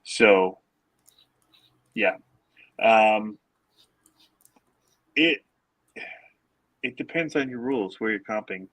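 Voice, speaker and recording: A man's voice: on the low side, expressive, very slow, long pauses, fairly bright tone, no room sound, low-quality recording. A man co-hosting a podcast from a hotel room late at night, joking and trading banter while wearing a headset. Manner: joking, trades banter and quips. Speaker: podcast co-host. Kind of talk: casual chat. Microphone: headphones with mic.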